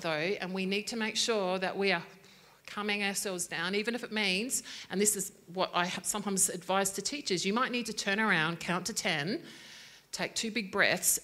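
A woman's voice: mid-range voice, bright, forceful tone. A woman who works as a teacher, giving a devotional talk on speaking graciously, conversational and checking in with her listeners often. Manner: conversational, with frequent "right?" check-ins. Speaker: teacher giving a faith-based parenting talk.

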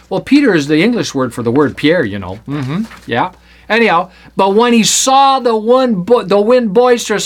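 Brief: male Bible teacher, high voice, playful and lively, reads scripture aloud with jokes. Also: normal speed.

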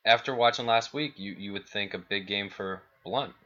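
A man's voice: on the low side, normal speed, sharp tone, lo-fi sound. A man co-hosting a sports podcast, talking in a laid-back way and steering toward predictions. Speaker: podcast co-host. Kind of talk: casual sports chat.

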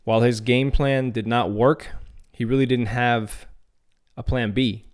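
Smooth-voiced man giving casual MMA talk. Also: medium pitch, steady tone, a little slow. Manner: casual, opinionated, some restarts. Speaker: podcast host. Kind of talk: solo MMA news commentary.

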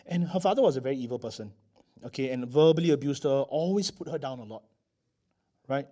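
Animated preacher. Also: male voice, medium pitch, brisk. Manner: animated, checks in with frequent "okay?". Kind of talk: sermon storytelling.

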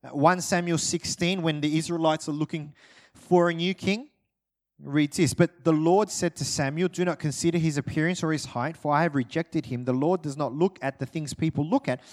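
A pastor preaching a sermon in a conversational way, with light humor and repeated phrases. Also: male voice, on the high side, steady tone, moderate pace.

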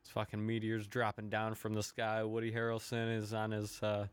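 Gruff, laughing, profane male podcast ranter. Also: lowish voice, monotone, normal speed, dry recording. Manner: swearing, laughing, rambling. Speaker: podcast host. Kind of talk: profane comedic rant.

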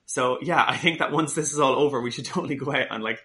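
A man's voice: medium pitch, fast, pushed and bright. A man co-hosting a podcast in chatty, casual talk, closing the episode. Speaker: podcast co-host. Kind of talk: casual chat.

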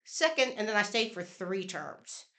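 A woman's voice: mid-range voice, very animated, measured pace, bright, forceful tone. A woman state senator being interviewed, speaking earnestly and emphatically about her time as a lawmaker. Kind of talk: conversational interview.

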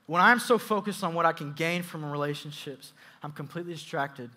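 Animated bright-voiced young preacher. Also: male voice, on the high side, a little fast. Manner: animated, playful storytelling with swings into soft asides. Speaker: youth pastor. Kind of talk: storytelling sermon.

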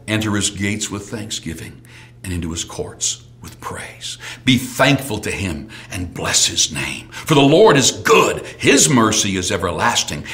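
A middle-aged man preaching a sermon at an ordinary pitch. He leans into hushed, almost whispered lines, then jumps up into ringing shouts. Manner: swings from soft near-whispers to sudden shouts. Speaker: pastor.

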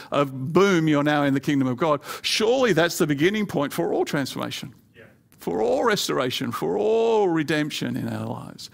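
Male pastor, sermon, gravelly tone, voice climbs high to press points. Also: fairly bright tone. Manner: rising pitch and volume when pressing a point, playful asides.

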